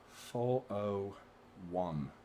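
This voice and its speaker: A man hosting a live football watchalong, reacting to the match with casual chat, swearing and bursts of shouting at big chances. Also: lowish voice, animated, drawn-out words, noisy background. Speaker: host of a football watchalong stream.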